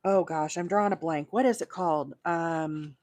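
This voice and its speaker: A woman's voice: low voice, normal speed, darkish tone, no room sound. A woman hosting a live crochet stream, chatting with many fillers and counting stitches aloud as she works. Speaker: crochet host.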